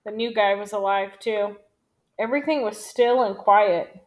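A female audiobook reader with a mid-range voice reads a novel aloud, keeping a steady, measured storytelling manner.

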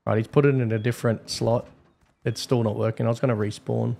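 A man's voice: mid-range voice, little pitch movement, fast talker, gravelly, mellow. A man with an Australian accent gives casual, blunt gameplay commentary as a server admin. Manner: casual, blunt, swears freely.

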